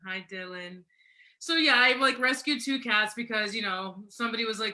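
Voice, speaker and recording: Bright, chatty woman in her forties. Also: medium pitch, a little fast. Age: 40s. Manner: chatty and animated, laughs often, acts out quotes. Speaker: host. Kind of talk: casual livestream chat.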